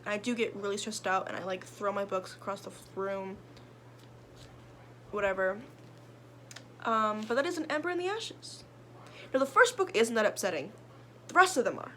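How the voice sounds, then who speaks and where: A woman's voice: mid-range voice, a bit bright, slight background noise. A young woman, a book vlogger, chatting casually about her reading list in a rambling way full of fillers and restarts. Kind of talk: casual chat.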